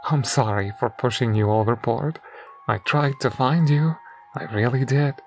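A man's voice: mid-range voice, a little slow, faint music behind, close to an everyday voice. A man voicing a remorseful, grieving man who pleads desperately, his voice breaking. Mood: desperate pleading.

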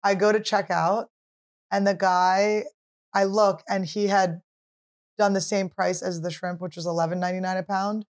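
A woman's voice: mid-range voice, level tone, moderate pace. Female comedy podcast host, casual storyteller, self-mocking, swears freely. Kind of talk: casual chat.

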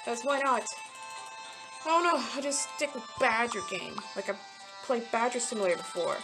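Young woman, slightly high voice, rambling and easily irked, casual gameplay chatter, faint music bed. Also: normal speed. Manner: rambling, talks to game characters, easily frustrated. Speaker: mobile game channel host.

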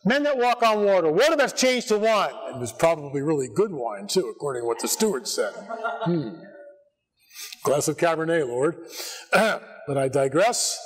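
Animated American man preaching to a church crowd. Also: sits high. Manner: animated, sarcastic asides, rising to near-shouts. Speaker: conference speaker. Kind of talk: church conference talk. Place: church sanctuary before an audience.

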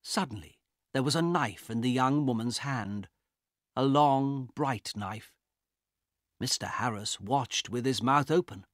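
Slow, deliberate male audiobook narrator. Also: mid-range voice, no room sound, studio quality. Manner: slow, clear, deliberate reading. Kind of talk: scripted narration of a graded reader.

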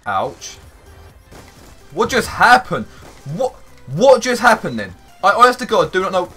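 A man commentating his own gameplay for a video, excitable and rambling, swearing now and then and breaking into sudden shouts. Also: high-pitched, measured pace, breathy edge, soft background music. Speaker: gaming YouTuber.

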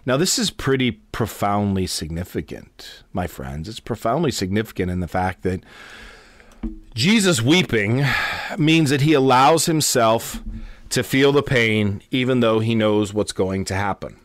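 A man's voice: lowish voice, expressive, unhurried, no room sound. A man, a pastor, teaching a Bible study in an earnest, conversational way, with many fillers and repeated words.

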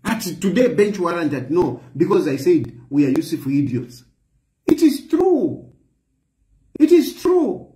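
A man's voice: high voice, very animated, a little slow, dark tone, reverberant, poor audio. A man giving impassioned political commentary, firing off repeated rhetorical questions. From Zambia. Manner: heated, repetitive rhetorical questions.

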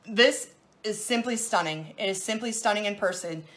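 A woman's voice: mid-range voice, normal speed, fairly bright tone. A woman hosting a casual live jewelry sales show, bubbly and playful, gushing over each piece.

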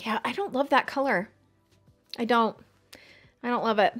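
A woman's voice: a little high, normal speed, fairly bright tone, soft background music. A woman chatting casually while doing her makeup for a get-ready-with-me video, chatty and self-mocking. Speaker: beauty vlogger.

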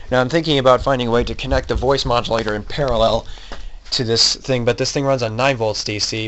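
A man's voice: medium pitch, a bit bright, slight background noise. A man casually explaining his hobby electronics build, thinking aloud and hesitating with frequent ums and uhs. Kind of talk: casual show-and-tell explanation.

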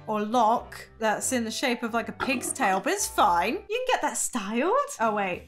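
A bubbly woman YouTuber reacting to videos, chatting in an excited, exclamatory way. Her voice sits high and leaps around with lively swings of pitch, over a faint bed of music. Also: normal speed, hardly any pauses.

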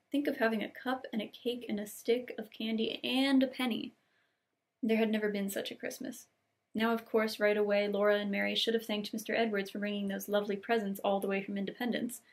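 Woman, young adult, book host reading aloud; slightly high, gravelly, gentle and unhurried. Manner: gentle, unhurried reading, lingering on cozy details. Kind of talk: storybook read-aloud with casual asides.

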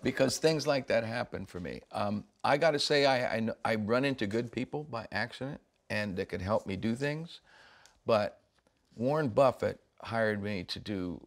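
A man's voice: on the low side, lively intonation, moderate pace, creaky. An older man, a rock musician, telling stories in a casual interview, laughing often and acting out the voices of people he quotes.

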